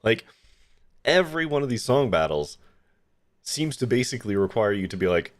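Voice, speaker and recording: A man's voice: mid-range voice, normal speed, long pauses. A man streaming a game, ranting casually with lots of swearing and laughter. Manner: profane, laughing, animated rants. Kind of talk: casual let's-play commentary.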